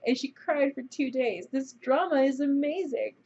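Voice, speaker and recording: A woman's voice: high voice, animated, normal speed, few pauses, a little mellow, breathy edge. A young woman casually reviewing a drama on her channel, gushing and emotional as she chats. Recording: slightly dull lo-fi recording.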